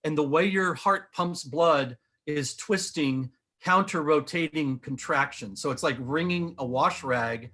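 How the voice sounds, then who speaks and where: A man's voice: a little high, a little slow, hardly any pauses, sharp tone. A middle-aged man giving an earnest, enthusiastic explanation of geometric models as an interview guest. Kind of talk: animated explanation while showing models.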